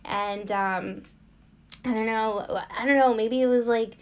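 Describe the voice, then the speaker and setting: Young woman podcast host, rambling and giggly, slightly high voice, dull lo-fi sound. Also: fairly even intonation, a little slow, slight background noise. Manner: rambling with frequent fillers and giggles. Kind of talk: casual storytelling. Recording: dull lo-fi recording.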